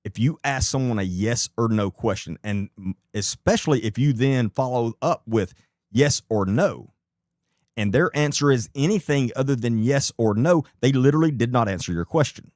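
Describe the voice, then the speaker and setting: A man's voice: medium pitch, expressive, moderate pace, darkish tone, no echo, studio quality. A man commenting live on a video clip, blunt and incredulous, who swears and repeats rhetorical questions.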